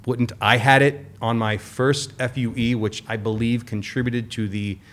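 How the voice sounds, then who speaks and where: A man's voice: mid-range voice, fairly even intonation, normal speed, a bit bright. A man hosting a podcast interview, talking casually and with enthusiasm, using a lot of "like". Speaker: podcast host.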